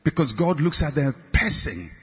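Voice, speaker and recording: A man preaching a sermon with passion, climbing to shouts and sinking low on his repeated refrains. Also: very animated, normal speed. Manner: impassioned, rising to shouts and dropping low on refrains. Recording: long hall reverb.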